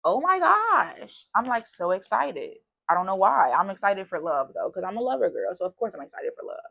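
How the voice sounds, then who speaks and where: A woman's voice: mid-range voice, sing-song, fairly quick, creaky. A woman giving a casual tarot reading, chatty and bubbly, wandering off on tangents. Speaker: tarot reader.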